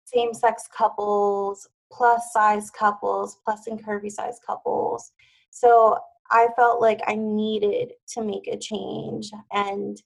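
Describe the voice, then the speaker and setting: Gravelly-voiced woman chatting casually. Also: medium pitch, low-quality recording. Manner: chatty, with many "like" fillers. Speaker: wedding planner, podcast guest. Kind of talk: casual interview chat.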